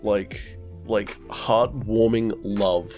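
A man with a lowish voice draws out his words over faint background music. He's co-hosting a podcast, telling a story in casual chat, animated, swearing heavily and laughing often.

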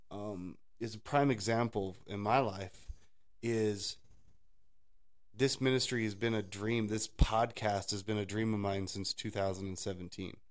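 A man co-hosting a casual faith podcast, rambling through personal stories and laughing often. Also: lowish voice. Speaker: podcast co-host.

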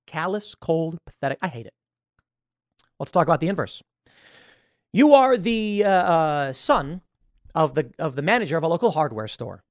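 Animated man with a fairly high voice. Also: normal speed, pauses often, no room sound, studio quality. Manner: animated, acts out quoted voices, scornful. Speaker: show host. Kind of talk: political commentary.

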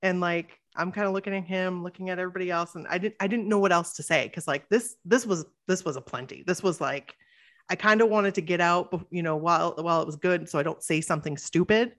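A woman podcast host telling a story in casual chat, acting out quoted lines with lively voice changes. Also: fairly low pitch, quick pace. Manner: animated, acts out quotes with shifting voice.

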